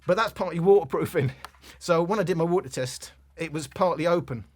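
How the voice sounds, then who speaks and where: A man's voice: on the high side, a little fast. Chatty Cockney man reviewing gadgets. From England, London. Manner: chatty, digressive, blunt. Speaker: tech reviewer. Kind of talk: casual review talk.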